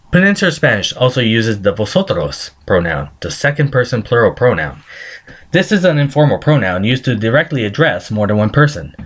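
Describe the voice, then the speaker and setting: A man's voice: on the low side, fairly bright tone. A man reading a scripted screencast presentation, carefully sounding out pronunciation examples. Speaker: student presenter.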